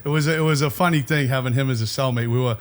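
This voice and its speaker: A man's voice: mid-range voice, fairly even intonation, fast talker. Streetwise middle-aged man telling prison stories. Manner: streetwise, rambling, swears freely. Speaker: podcast guest, former inmate. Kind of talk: casual storytelling.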